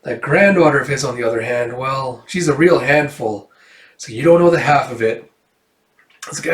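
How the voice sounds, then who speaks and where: A man's voice: medium pitch, moderate pace, roomy sound. A man casually retelling a comic book, rambling loosely and packed with fillers. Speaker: comic book reader and reviewer. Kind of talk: casual comic read-through.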